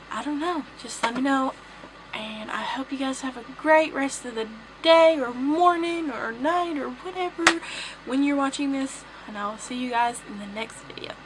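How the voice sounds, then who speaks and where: A woman's voice: high-pitched, slight background noise, rough recording. A young woman with a Tennessee accent, chatting casually to her vlog camera in a rambling way, breaking into laughs. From southern United States. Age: young adult. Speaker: vlogger.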